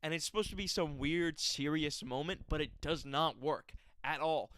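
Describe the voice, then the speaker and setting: A man's voice: a little high, moderate pace, fairly bright tone, no echo, clean studio sound. A man giving a casual, chatty film review, laughing and adding exaggerated asides. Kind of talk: casual movie review vlog.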